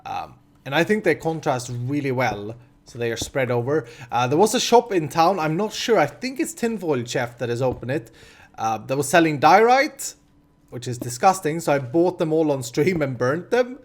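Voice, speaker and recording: A man's voice: fairly high pitch, very animated, moderate pace. A man in his thirties with a Swedish accent, hosting a casual gameplay commentary and chatting in a rambling way with many restarts. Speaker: host.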